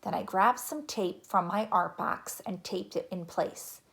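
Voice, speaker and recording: A woman narrating a children's chapter book in a gentle, even reading voice. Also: medium pitch, a little slow, vocal fry. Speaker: audiobook narrator. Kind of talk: storybook narration.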